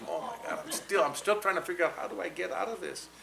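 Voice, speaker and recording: A man in his sixties from New Mexico, telling an animated personal story to a live audience at a college fireside chat and slipping into Spanish for quoted lines. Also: high-pitched, quick pace, gravelly, poor audio. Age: 60s. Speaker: guest speaker. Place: college event hall with audience.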